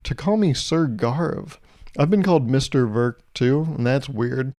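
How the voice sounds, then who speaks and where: A young man hosts his own podcast alone. He rambles comically, mocks himself and plays out small imagined conversations. His voice is mellow and sits at a middle pitch. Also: measured pace. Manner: self-mocking, plays out imagined exchanges. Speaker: podcast host. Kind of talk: solo comedic podcast monologue.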